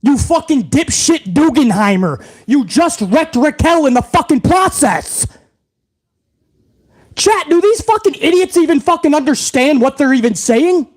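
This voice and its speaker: A man's voice: extremely high pitch, animated, a little slow. A man hosting a wrestling show, ranting to his chat in a heated, mocking way and swearing constantly. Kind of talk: profane rant to a live chat.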